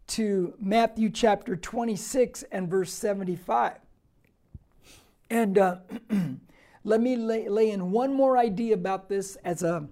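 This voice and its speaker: A male pastor with a warm, mellow voice teaches a verse-by-verse sermon. He talks conversationally, leans hard on key words, and slows to a near whisper for emphasis, clearing his throat now and then. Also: sits high. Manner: clears throat often, frequent restarts.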